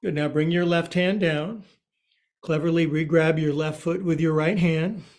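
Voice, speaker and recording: A man with a fairly high voice leads a yoga class, taking his time over every cue. He counts the holds aloud and slips in playful wordplay between the poses. His instructions come in short, unhurried phrases. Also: steady tone, darkish tone. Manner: counts poses aloud and jokes about words. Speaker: yoga teacher. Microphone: livestream from his own space.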